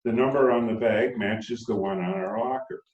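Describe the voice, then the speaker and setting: A man, the author, reading his own novel aloud calmly and unhurriedly, with brief asides. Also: fairly low pitch, normal speed. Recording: roomy, dull sound from far off.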